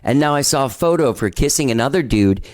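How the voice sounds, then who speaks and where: A man's voice: mid-range voice, lively intonation, quick pace, no echo, studio quality. A man hosting a podcast, rambling through a casual, self-deprecating intro and swearing now and then. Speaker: podcast host.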